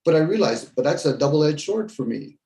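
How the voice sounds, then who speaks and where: A man's voice: a little high, animated, a little fast, dark tone. A man in casual conversation, talking bluntly and ranting, with some swearing. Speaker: podcast host. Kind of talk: casual debrief chat. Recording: echoey room.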